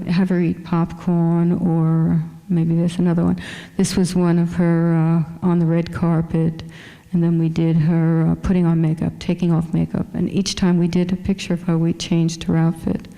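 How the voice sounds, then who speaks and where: A woman's voice: lowish voice, monotone, a little slow, creaky, dark tone. A woman fashion photographer with a small voice, chatting casually with many fillers as she shows her photos in a museum lecture hall.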